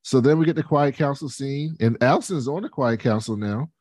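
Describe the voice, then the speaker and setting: A man's voice: mid-range voice, brisk, darkish tone, no room sound. A man with a mid-range voice recorded close and dry, recapping a television episode in easygoing, profane chat. He acts out the characters with raised, comic voices as he retells scenes. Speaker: podcast co-host.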